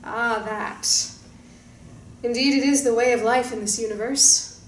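A woman voicing a huge white male guardian creature who speaks slowly and proudly in a deep, booming way. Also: steady tone, lightly acted. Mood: calm proud. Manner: slow, booming, measured. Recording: roomy distant mic with faint hiss.

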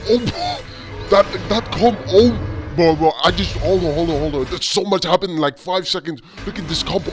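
A young man hosting a casual reaction video, excitable and constantly saying bro, with loud music behind him. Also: on the high side, moderate pace.

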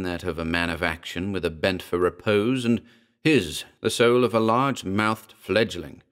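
A man playing a bitter, brooding man in an audio horror story, speaking tensely to an unseen presence. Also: on the low side. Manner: agitated, rising to anger.

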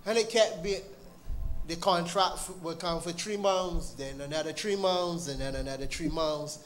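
A man with a Barbadian accent giving an earnest, animated personal testimony at a church service. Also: fairly high pitch, normal speed, soft background music. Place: church sanctuary. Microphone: live-streamed service mic.

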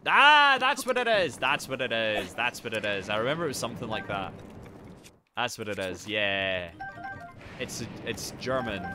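An excitable man rambles through casual gameplay chatter, his voice swinging widely up and down. He swears freely and jumps from calm musing to sudden yells, with music playing behind him. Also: medium pitch. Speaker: gaming streamer.

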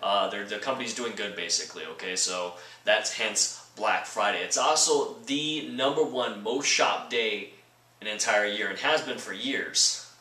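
Man, comedic rant vlog, sarcastic, rambling, bright voice, distant mic. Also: fairly low pitch, normal speed. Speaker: vlogger. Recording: roomy echo from a distant mic.

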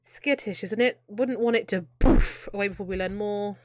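A young woman streams herself playing a video game, keeping up a chatty, joking commentary and frequently dissolving into giggles. Her mid-range voice has a darkish tone and a normal pace, with slight background noise in the recording.

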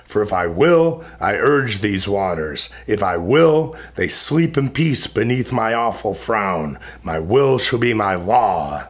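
A man voicing a wrathful male sea demon in a slow, stern, declaiming delivery. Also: lowish voice, sing-song, heavily acted.

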